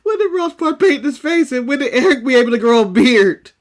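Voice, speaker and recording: An American man co-hosting a podcast, chatting casually in an animated, joking, opinionated way and laughing often. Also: very high-pitched, brisk. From United States. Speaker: co-host of a wrestling podcast. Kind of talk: casual chat.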